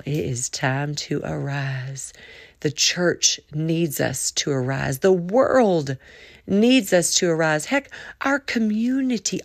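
A woman's voice: on the low side, no room sound, clean studio sound. A woman hosting a casual faith podcast, talking in a chatty, colloquial way that jumps between topics. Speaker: podcast host.

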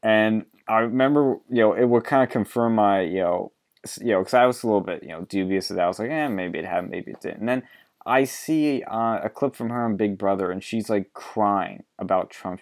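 A man's voice: fairly low pitch, a little fast. A man hosting a podcast in casual political chat, blunt and profane, laughing often. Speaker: podcast host.

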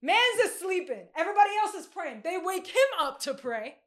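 High-voiced woman preaching casually. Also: moderate pace. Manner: animated, laughing often, slangy. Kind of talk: casual sermon.

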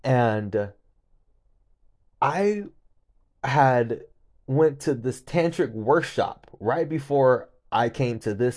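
Man from California, casual storytime, laughs a lot, swears freely, lively swinging voice. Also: medium pitch.

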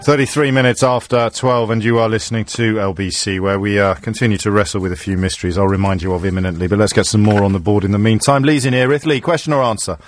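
Guy hosting a call-in radio show, rattles along fast, deadpan jokes. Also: on the low side. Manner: dry, teasing banter with callers. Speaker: radio phone-in host. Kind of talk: phone-in radio chat. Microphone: studio microphone.

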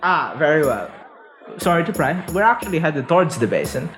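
A man's voice: on the high side, sing-song, fairly quick, a bit bright. A man voicing a cautious, polite male tiefling traveler who talks in a laid-back way, with music behind. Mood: apologetic. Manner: cautious, apologetic, easygoing. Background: background music.

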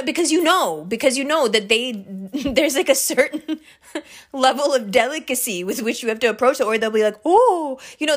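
A woman telling a story in casual chat, animated and slangy, with quick profane asides. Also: high-pitched.

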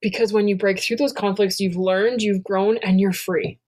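A woman's voice: medium pitch, steady tone, normal speed, darkish tone. A woman in her thirties, co-hosting a podcast in casual chat, speaking candidly and with lots of energy, swearing freely. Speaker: podcast co-host.

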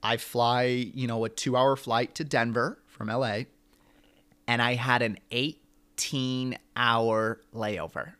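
Bright-voiced young man telling a rambling story. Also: medium pitch, steady tone, slow, clear, resonant tone. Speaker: podcast co-host. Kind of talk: casual chat.

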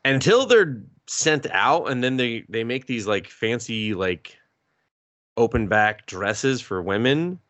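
A man's voice: medium pitch, lively intonation, takes it slowly, fairly bright tone, no echo. A man co-hosting a podcast, recapping anime episodes in a loose, rambling way with lots of fillers and casual swearing. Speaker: podcast co-host.

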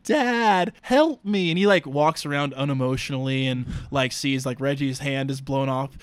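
A man's voice: medium pitch, level tone, fairly quick, smooth, no room sound. A man hosting a podcast, recapping a book with sarcasm and mocking character voices. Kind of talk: comedic casual recap.

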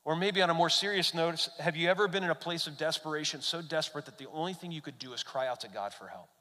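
A man, a pastor, preaching a sermon as an animated storyteller who asks his congregation questions. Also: on the high side, fast talker, in a large hall.

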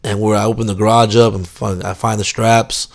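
A man's voice: fairly low pitch, flat delivery, brisk, creaky. A young man telling a drunken story in a casual, rambling way, swearing constantly and filling his talk with fillers. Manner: laid-back, amused.

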